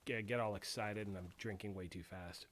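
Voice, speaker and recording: Having just choked on tea, a livestream host clears his throat as he rambles casually, filling the air with fillers and responding to chat. His voice sits on the low side, steady and moderately paced, with a fairly bright tone.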